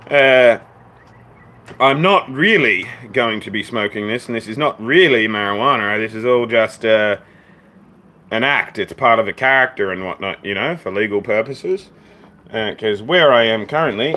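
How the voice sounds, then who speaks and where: A man's voice: medium pitch, pushed and bright. A young Australian man hosting a casual live reaction stream from home, laid-back and swearing freely.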